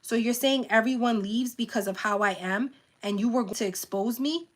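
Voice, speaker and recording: A woman's voice: fairly high pitch, normal speed, close to an everyday voice. A woman reading out the lines of a smug man who mocks with false innocence. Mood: mocking.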